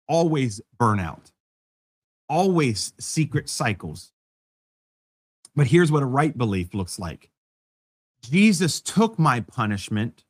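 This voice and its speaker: A man preaching a sermon as pastor, in a conversational style with self-deprecating humor. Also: mid-range voice.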